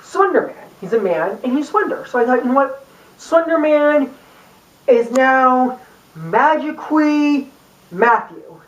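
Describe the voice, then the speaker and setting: A young woman talks casually to a camera, rambling and chatty, her speech full of fillers and asides. Her voice sits a little high. She is picked up from a distance in a room with a noticeable echo. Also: very animated, a little slow, muffled recording. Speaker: YouTube vlogger. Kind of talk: casual talk to camera about a book. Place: room, filmed by a camera person. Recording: echoey room from far off.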